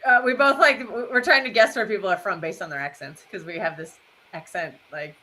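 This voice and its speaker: A woman's voice: mid-range voice, a little fast, a crowd in the background, rough recording. A young woman co-hosting a live match watchalong in a chatty, rambling, self-deprecating way. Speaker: watchalong co-host. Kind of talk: casual chat over a live match.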